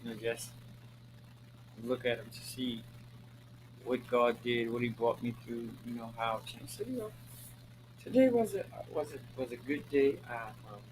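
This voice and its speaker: A man's voice: mid-range voice, normal speed, pauses often, a little mellow, a little hiss or hum, rough recording. Sassy flamboyant man chatting to camera. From Maryland, USA. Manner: sassy and flamboyant, calling listeners honey and girl; swears freely. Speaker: host. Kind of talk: casual talking-head monologue.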